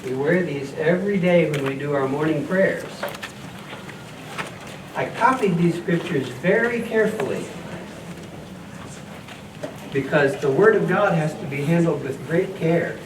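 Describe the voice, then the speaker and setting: A man's voice: on the high side, unhurried, pauses often, close to an everyday voice. A man playing a friendly scribe teacher and farmer in a church children's skit, leading the kids in call-and-response. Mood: cheerful teaching. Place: church hall. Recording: echoey, distant mic, noisy room.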